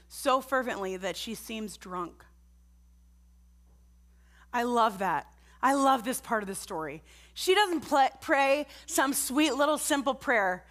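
A woman's voice: on the high side, expressive, slow, a bit bright. Earnest middle-aged woman preaching. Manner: earnest, conversational, asks the congregation direct questions. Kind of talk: sermon.

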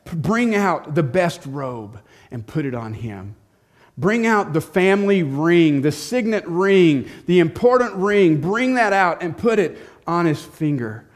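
Man doing a loving dad, warm-hearted, eager and tender. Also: mid-range voice, very animated, unhurried, few pauses. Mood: urgent joyful. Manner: urgent and eager with servants, soft with his son. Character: loving father, older man, compassionate.

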